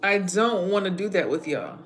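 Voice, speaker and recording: A woman giving a blunt, casual spiritual monologue, speaking in a streetwise, profane way and swinging from muttered asides to loud outbursts. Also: fairly low pitch, sing-song, moderate pace, slight background noise. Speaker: spiritual content creator.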